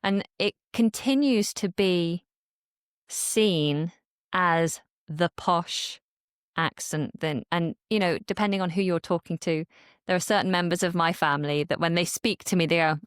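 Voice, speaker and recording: A young adult woman from Manchester with a modern RP accent, speaking as a podcast guest and accent coach in a thoughtful, measured way. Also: on the low side, clean tone, no room sound, clean studio sound. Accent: modern RP English. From Manchester, England. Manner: thoughtful, measured, with small restarts. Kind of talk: podcast interview.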